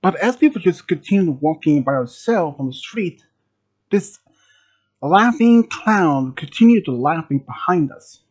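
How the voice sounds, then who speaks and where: A storyteller from Sweden telling a first-person horror story, halting, with restarts and phrasing. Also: mid-range voice, animated, a little mellow, husky. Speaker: channel host telling a story.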